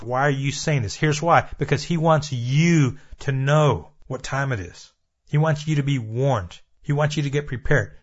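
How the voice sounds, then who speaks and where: A man hosting his own prophecy program, delivering an earnest, repetitive warning monologue straight to his listeners. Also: on the high side. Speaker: prophecy radio program host. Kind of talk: preaching monologue. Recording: dull lo-fi audio.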